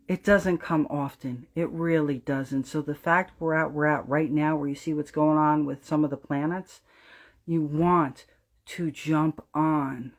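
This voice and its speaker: A woman with a New Jersey accent hosting a spiritual astrology livestream, talking emphatically and preachily to her viewers, swearing freely and dropping to an intent low voice for emphasis. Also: steady tone, measured pace.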